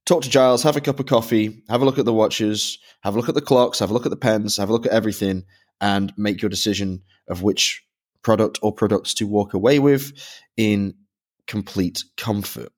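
A man's voice: fairly low pitch, fairly quick. A man from Britain co-hosting a podcast, explaining a product review in methodical detail. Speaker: podcast co-host.

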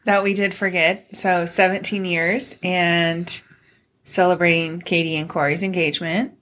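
A middle-aged woman co-hosting a relaxed chat show. She talks in a chatty, storytelling way and laughs often. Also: on the low side, a little slow. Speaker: podcast co-host. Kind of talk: casual chat.

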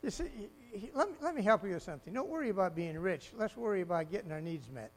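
High-voiced animated male preacher. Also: fast talker. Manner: animated, swings from loud exclamations to quiet asides, laughs often. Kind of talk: sermon. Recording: mains hum behind the voice.

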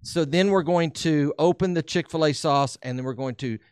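A man hosting a radio show in casual chat, briskly explaining the rules of a game. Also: on the high side, smooth, dry recording, clean studio sound. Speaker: radio host.

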